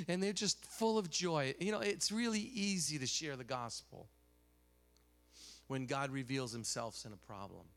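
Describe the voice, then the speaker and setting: A man preaching a sermon, telling stories animatedly, dropping to a hush and rising loud again, with many restarts. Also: a little high.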